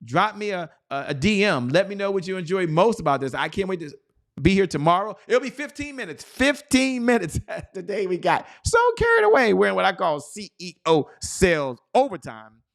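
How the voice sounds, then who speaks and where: An excited male host with a fairly high, lively voice that swings up and down as he pumps up his audience. He repeats himself for emphasis and slows to a deliberate chant for the lines listeners should say back. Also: gravelly. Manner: chants belief statement slowly for the audience to repeat. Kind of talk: motivational sales talk.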